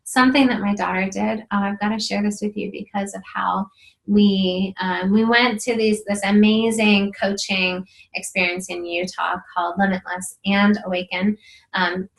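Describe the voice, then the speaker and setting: A woman's voice: medium pitch, fairly even intonation, moderate pace, creaky, poor audio. A middle-aged woman hosting a marriage video series, talking to camera in an earnest, encouraging way with many fillers. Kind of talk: casual talk to camera.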